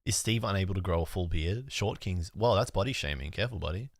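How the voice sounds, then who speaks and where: A young Australian man as a guest in a casual chat, relaxed and matter-of-fact. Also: low-pitched, fast, dry recording, clean studio sound.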